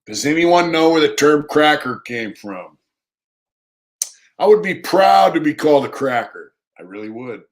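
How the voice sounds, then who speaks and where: A man's voice: medium pitch, fairly bright tone. A man chatting casually on a livestream, rambling and repeating himself, reading out viewer comments and talking to his dog in between. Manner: rambling, repeats himself, reads chat aloud. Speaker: livestream host.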